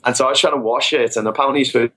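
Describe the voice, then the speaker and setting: A man's voice: medium pitch, steady tone, very fast, sharp tone. A man telling rambling, self-mocking travel anecdotes as a podcast guest. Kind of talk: casual storytelling. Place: podcast recording.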